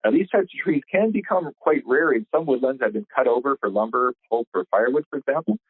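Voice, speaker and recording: A man, a biologist, explaining things in a measured way with frequent pauses on a conference call. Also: mid-range voice, animated, breathy edge, dry recording. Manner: measured, hesitant fillers. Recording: tinny phone line, dry.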